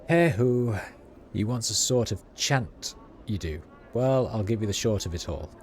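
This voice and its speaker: A man's voice: fairly low pitch, measured pace, a little mellow, slight background noise, lightly acted. A man voicing a chatty, superstitious male rat catcher, reading slangy street talk aloud with small stumbles.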